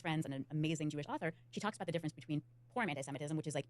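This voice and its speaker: Fast-talking low-voiced woman. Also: expressive, darkish tone. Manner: brisk, mimics others in quotes. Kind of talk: rapid interview talk.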